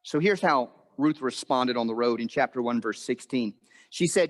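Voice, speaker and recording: A man preaching a sermon, telling a story and acting out the quoted voices with big swings in pitch. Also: normal speed, in a large hall. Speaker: pastor. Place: church auditorium.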